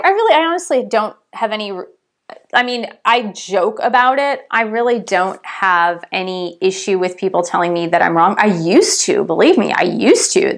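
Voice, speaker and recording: A spiritual coach talks to her viewers in a casual vlog, chatty and animated, repeatedly addressing them directly. Her voice is medium in pitch and gravelly.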